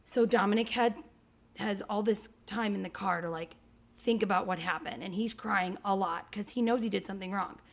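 A woman in her thirties, a mother who co-hosts a podcast, chats casually and voices her kids' lines while telling a story. She speaks in a mid-range voice at a normal speed.

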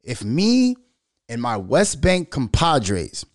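A middle-aged man ranting in a loud, profane, storytelling way as a commentary vlogger. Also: medium pitch, wildly swooping pitch, slow pace, dry recording, studio quality. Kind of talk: unscripted profane rant.

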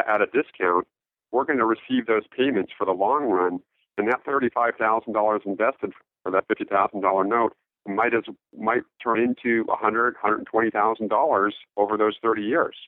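Interview guest: man on a phone line, lowish voice, halting and full of fillers. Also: steady tone, dry recording. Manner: halting, many fillers and restarts. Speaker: interview guest, note investor. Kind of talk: casual interview talk.

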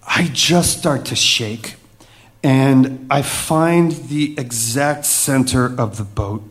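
A man telling a personal story vividly, with dramatic pauses and hushed moments. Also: medium pitch.

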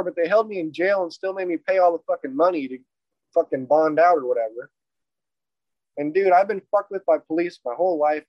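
A man casually retelling a personal story in a rambling, profane, animated way. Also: a little high, dry recording. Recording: dry, dull lo-fi audio.

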